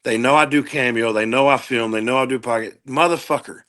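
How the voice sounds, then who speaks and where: A man guesting on a podcast, telling profane, animated stories and doing quick impressions of people in casual chat. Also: mid-range voice. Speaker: guest comedian.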